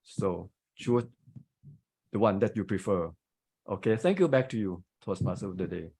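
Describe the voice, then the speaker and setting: A man's voice: on the low side, moderate pace, creaky, dark tone, slightly rough, poor audio. A man with a Thai accent giving grammar and pronunciation feedback as a club grammarian on a video call, explaining carefully with examples.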